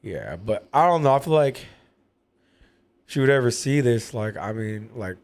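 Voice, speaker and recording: A man's voice: mid-range voice, expressive, normal speed. Guy on a podcast just rambling, lots of like and you know, super candid. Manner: rambling, filler-heavy, candid. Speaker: podcast guest. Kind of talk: casual personal talk.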